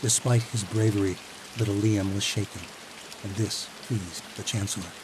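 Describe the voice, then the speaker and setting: A man with a fairly low voice reads a fantasy audiobook calmly and evenly. Steady rain is clearly audible behind his narration. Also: moderate pace, noisy background.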